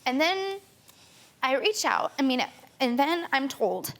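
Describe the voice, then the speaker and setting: A woman's voice: sits high, sing-song, slow pace, fairly bright tone. A young woman guest on a talk show giving an urgent personal account, stumbling and restarting often. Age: young adult. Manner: urgent, tearful retelling with many restarts.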